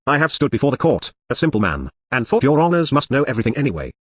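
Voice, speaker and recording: A defiant accused killer in the dock, read by a man, speaking in a husky voice at a fast clip. The delivery stays plain and dry, with little put-on character. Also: medium pitch, very animated, no room sound. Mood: indignant. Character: male murderer on trial, indignant and defiant.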